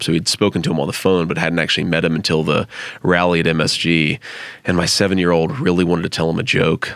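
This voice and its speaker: A very low, gravelly male voice with a bright, forceful edge, recorded close and dry in a studio. He is in his forties and spins casual anecdotes, breaking into frequent laughter. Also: dry recording. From United States. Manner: laughs often while telling anecdotes. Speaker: guest. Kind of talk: casual storytelling in conversation.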